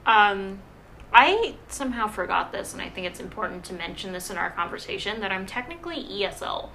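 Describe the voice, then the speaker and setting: A young woman from Hawaii in casual chat, an animated, self-deprecating storyteller who fills her talk with "um" and "like". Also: medium pitch, fairly quick, creaky, background noise.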